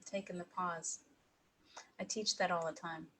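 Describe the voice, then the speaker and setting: A middle-aged woman giving a heartfelt personal talk to an audience, emotional and pausing, with soft laughs. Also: fairly low pitch, little pitch movement, low-quality recording. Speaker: speaker at an evening talk.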